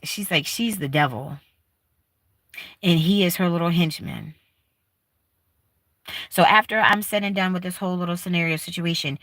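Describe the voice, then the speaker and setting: A woman's voice: fairly low pitch, bright, forceful tone, no echo. A woman hosting a livestream, talking to her viewers in a heartfelt, emphatic way. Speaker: livestream host. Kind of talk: casual livestream chat. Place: rented room in a shared house.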